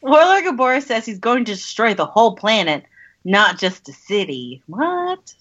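A woman's voice: on the high side, big pitch swings, measured pace, fairly bright tone, dull audio. A woman on a podcast casually recapping a novel, wry and laughing between lines. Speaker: podcast host summarizing a novel.

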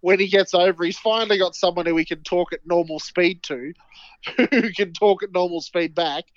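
A man's voice: high-pitched, normal speed, no room sound, highs cut off. An Australian man co-hosting a podcast, bantering in a jokey, rambling way. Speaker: podcast co-host. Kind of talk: casual chat.

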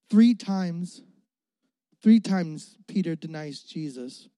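A man's voice: a little high, slow, warm tone, no echo. A young adult man, a youth pastor, preaching a sermon with emphatic repetition and rising and falling volume.

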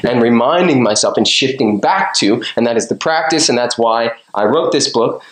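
A man's voice: mid-range voice, lively intonation, normal speed, fairly bright tone. A man being interviewed as a guest on a podcast, talking about love in a playful, preachy, enthusiastic way. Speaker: podcast guest, author and coach. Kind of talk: casual interview. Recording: roomy echo.

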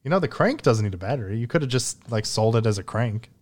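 A man's voice: mid-range voice, animated, fast, a little mellow. A man hosting a casual gaming podcast, joking and theatrical, often laughing. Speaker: podcast host. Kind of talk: casual chat.

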